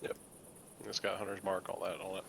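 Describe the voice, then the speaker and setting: A man's voice: low-pitched, monotone, fairly quick, vocal fry, background noise. A man chatting as a player in a tabletop game, eager and matter-of-fact about his turns. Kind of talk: casual game chat.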